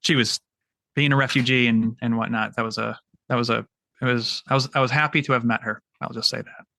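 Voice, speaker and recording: Bright-voiced veteran man telling stories. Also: mid-range voice, fairly even intonation, creaky, dry recording. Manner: halting, repeats words while recounting. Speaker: military veteran guest. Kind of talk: casual podcast storytelling.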